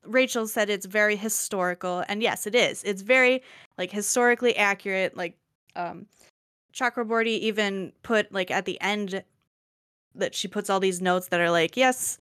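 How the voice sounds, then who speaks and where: Smooth-voiced woman in casual book chat. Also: medium pitch, normal speed, dry recording, clean studio sound. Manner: animated, laughing, casual swearing. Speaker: book podcast co-host.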